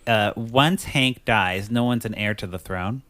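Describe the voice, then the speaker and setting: A man hosting a casual podcast, recapping a movie with animated storytelling and quick character impressions. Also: fairly low pitch, a loud crowd. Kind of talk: casual chat.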